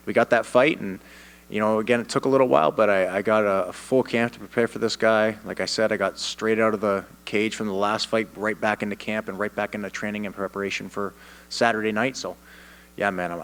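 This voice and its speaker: A man from Canada, a fighter at a media day, answering reporters' questions with confidence and animated storytelling, often restarting his sentences. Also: lowish voice, brisk, low-quality recording. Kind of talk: press interview answers. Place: media day press room.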